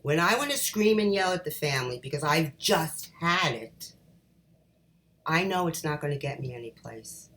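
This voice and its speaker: A middle-aged woman coach giving calm, encouraging advice straight to her viewers, whom she calls ladies. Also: deep voice, normal speed. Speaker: life coach. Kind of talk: motivational talk to camera.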